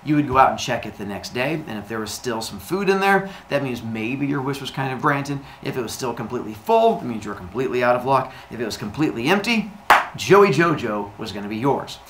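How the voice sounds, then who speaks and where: A male teacher talks straight to his students in a loose, chatty way, peppering his sentences with "like." His pitch swings all over the place as he acts out little scenes. The room around him is echoey, with a faint hiss underneath. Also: animated, fairly quick. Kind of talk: recorded remote lesson.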